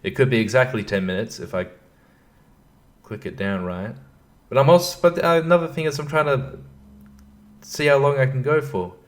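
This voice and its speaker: A man's voice: medium pitch, moderate pace, long pauses. A man hosting a casual solo podcast from his computer at home, rambling, breaking off mid-thought and laughing at himself. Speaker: podcast host. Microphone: computer microphone at his desk.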